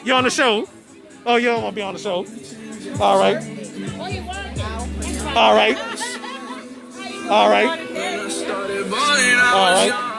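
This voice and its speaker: Gravelly, stammering, live party host, music and crowd behind, phone recording outdoors. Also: medium pitch, steady tone, slow pace, pauses often. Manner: stammers, repeating words. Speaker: host of an online show. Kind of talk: casual live-stream commentary. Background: music and a chattering crowd.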